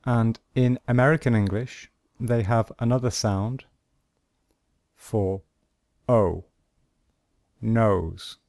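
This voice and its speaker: A man teaching English pronunciation, explaining sound symbols and saying example words one at a time with pauses between them. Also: mid-range voice, fairly even intonation, darkish tone, dry recording, studio quality. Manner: slow and deliberate, pausing between example words. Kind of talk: slow instructional explanation.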